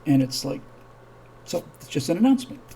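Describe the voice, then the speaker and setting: A man hosting a live-streamed show rambles casually through a story with many restarts and acts out what the characters say. He sounds fairly high, very animated and fairly quick, mellow with vocal fry. The audio is low quality with a little hiss or hum.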